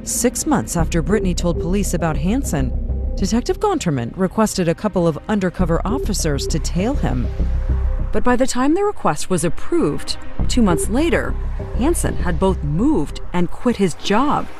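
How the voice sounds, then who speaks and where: A woman narrating a true-crime news story in a measured, dramatic cadence. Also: lowish voice, sing-song, over music.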